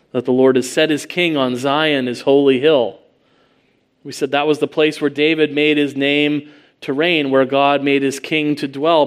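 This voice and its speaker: A male preacher with a slightly high voice works through a passage verse by verse. He speaks earnestly and often poses rhetorical questions. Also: clean tone. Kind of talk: sermon.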